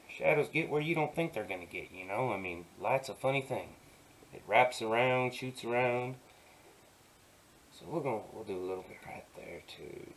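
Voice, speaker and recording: A man narrating his digital painting tutorial in a soft, easygoing way, often dropping to a murmur and adding playful asides. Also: lowish voice, rough recording. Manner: playful asides while working. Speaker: digital artist.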